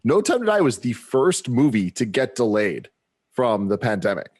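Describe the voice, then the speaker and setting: A man's voice: mid-range voice, big pitch swings, moderate pace, darkish tone, slightly rough. A man co-hosting a podcast, chatting casually and rambling with many fillers. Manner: rambling with many likes and restarts. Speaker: podcast co-host. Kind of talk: casual chat.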